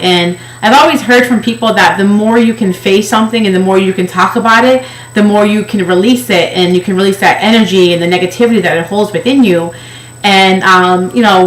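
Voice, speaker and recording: A woman's voice: mid-range voice, a bit bright. Candid woman telling a personal story. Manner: candid, emotional, acts out quoted voices. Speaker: weight-loss project participant. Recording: echoey room.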